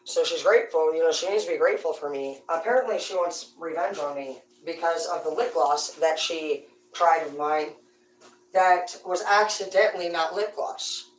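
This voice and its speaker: A woman telling profane, rambling comedic stories about growing up on a farm, in a loose, animated way. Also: low-pitched, moderate pace, recorded from a distance. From rural farm upbringing. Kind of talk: casual comedic storytelling. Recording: roomy, away from the mic.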